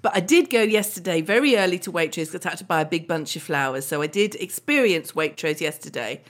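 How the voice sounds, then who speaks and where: A woman's voice: fairly low pitch, animated, fairly quick. A woman chatting casually as a podcast co-host, laughing easily and exclaiming. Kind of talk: casual chat.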